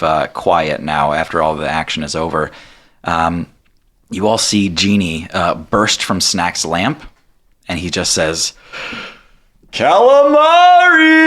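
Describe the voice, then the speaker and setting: A man narrating a tabletop game as game master, animated and laughing through the story. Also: low-pitched.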